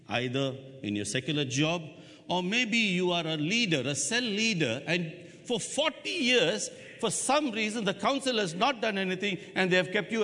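A man preaching a sermon as pastor, with dramatic pauses and rhetorical questions put to the congregation. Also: a little high. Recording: long hall reverb.

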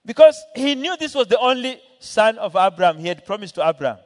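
A man preaching in a church hall, his voice sitting high for a man and ringing out with a long reverb. He tells a Bible story with swings in pitch and loudness, acting out the characters and calling questions to the congregation. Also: sing-song, fast. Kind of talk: sermon.

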